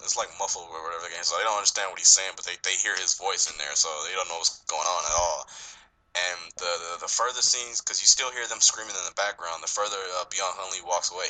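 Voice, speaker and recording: A man's voice: sits low, steady tone, fast, pushed and bright, low-quality recording. A man casually retelling a movie scene, rambling, swearing often and laughing a lot. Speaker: movie discussion co-host. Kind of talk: casual profane chat.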